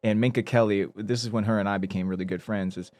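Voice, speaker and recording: Male podcast guest, thirties, lowish and dry, lively anecdotes. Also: fast talker, dry recording. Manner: animated storyteller who acts out quoted people. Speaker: guest actor. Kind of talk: casual podcast storytelling.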